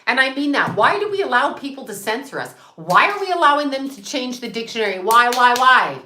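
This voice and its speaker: A woman's voice: high voice, very animated, fast talker, sharp tone, reverberant, slight background noise. A woman who is a psychic medium, talking in a defiant, profane rant and repeating herself for emphasis on her channel. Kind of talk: ranting livestream chat.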